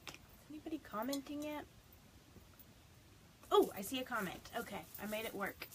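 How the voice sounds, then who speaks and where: A woman's voice: high-pitched, expressive, moderate pace, noisy background. A woman chatting casually on a phone live stream from her home, rambling and fighting back tears. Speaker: direct sales consultant. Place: home on a small farm.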